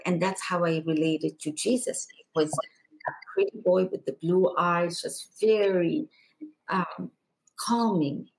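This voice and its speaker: A middle-aged woman from Egypt telling a personal spiritual testimony as a guest, in a slow, halting and emotional way. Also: fairly low pitch, gravelly, slightly rough, poor audio.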